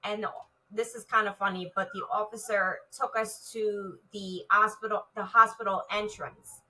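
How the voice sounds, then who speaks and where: A woman's voice: mid-range voice, steady tone, moderate pace, bright, forceful tone, distant mic, low-quality recording. A woman, a retired police officer, recounting a personal story in an interview, vividly and with many "like" fillers.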